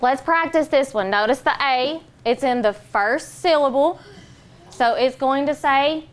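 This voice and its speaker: A woman teacher leading a phonics lesson, giving clear, patient directions and drawing out sounds slowly. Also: high voice. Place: classroom.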